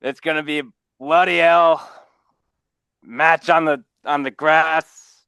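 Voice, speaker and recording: Man as unhurried Irish fan, smooth, deadpan, dry. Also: fairly high pitch, no room sound, exaggerated voice. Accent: put-on Irish. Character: laid-back Irish sports fan, adult man.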